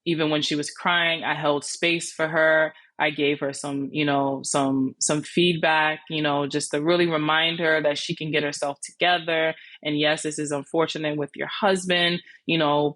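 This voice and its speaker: In a low, steady voice with a fairly bright tone, a woman hosting a podcast tells a personal story at normal speed with hardly any pauses. She's candid, blunt and casual, swearing freely and acting out what people said. There's no room sound.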